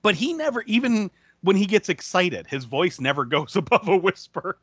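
A man's voice: high voice, expressive, normal speed, fairly bright tone, slightly rough, no room sound, dull audio. A man co-hosting a podcast, recapping a movie in casual chat, swearing freely and laughing often. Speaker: podcast co-host.

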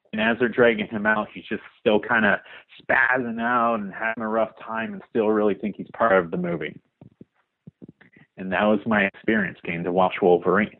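A young man leaving a voicemail for a podcast, telling a story in an animated way. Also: lowish voice. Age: young adult. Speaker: caller. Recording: tinny phone line.

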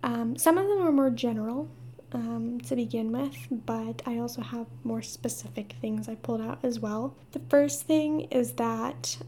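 A young woman hosting a solo podcast, talking through a play with phrase ends that trail off into a breathy whisper. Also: on the high side, unhurried, dark tone, a little hiss or hum. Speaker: podcast host. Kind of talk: solo podcast book discussion.

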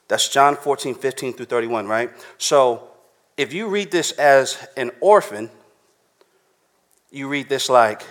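Male preacher, mid-pitched voice, relaxed slangy delivery, talks to the congregation like friends. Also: slow. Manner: casual street slang, conversational, keeps checking in with the listeners. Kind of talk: sermon.

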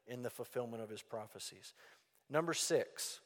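A man's voice: medium pitch, normal speed, a bit bright. A man preaching a sermon, earnest and emphatic, repeating key phrases for weight. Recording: long hall reverb.

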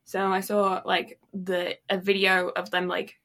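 Bright, giggly woman podcaster. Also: mid-range voice, monotone, unhurried. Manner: giggly, playful, bursts of laughter. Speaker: podcast co-host. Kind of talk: casual chat.

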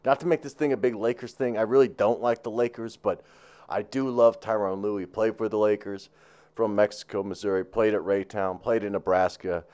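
A man's voice: fairly low pitch, steady tone, a little fast, darkish tone, smooth. A man co-hosting a sports chat show, talking in a rambling, profane way with lots of fillers and restarts.

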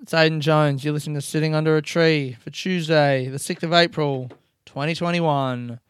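Excitable rambling man, smooth voice. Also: a little high, normal speed, no echo, studio quality. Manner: rambling, excitable, swears freely. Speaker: podcast host and comedian. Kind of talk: casual solo podcast monologue.

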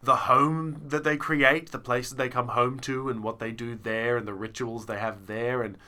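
A man's voice: mid-range voice, little pitch movement, normal speed, pushed and bright. A man co-hosting a podcast, chatting casually and rambling with lots of fillers as he recounts a show he saw. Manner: rambling, self-interrupting with many fillers. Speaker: podcast co-host. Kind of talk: casual chat reviewing a show.

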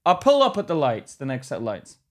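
A man's voice: mid-range voice, fairly quick. A man co-hosting a podcast, telling a road-rage story in casual chat and acting out quotes. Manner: animated storytelling, acts out quotes loudly. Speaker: podcast co-host.

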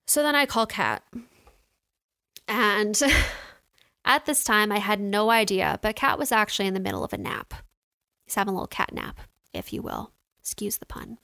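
A woman's voice: mid-range voice, normal speed, pauses often, bright, forceful tone, smooth, no echo, clean studio sound. A young woman telling a personal story to her viewers in a casual, chatty way, full of "like" and "you know", emotional, with her throat getting sore. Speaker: vlogger.

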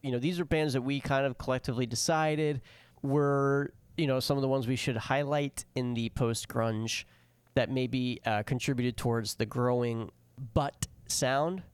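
Young male podcast co-host, clean, close-mic sound, dry deadpan explainer. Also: medium pitch, moderate pace, clear, resonant tone, dry recording. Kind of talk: casual chat.

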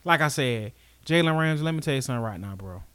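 A man's voice: mid-range voice, animated, fast talker, a bit bright, smooth. A man co-hosting a podcast, giving blunt, scolding rants in casual sports chat. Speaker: podcast co-host.

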